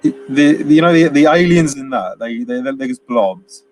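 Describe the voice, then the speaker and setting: A man's voice: mid-range voice, lively intonation, normal speed, a little mellow, a little hiss or hum. A man co-hosting a casual film chat, rambling through scenes, laughing often and acting out bits of dialogue. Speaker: film podcast co-host.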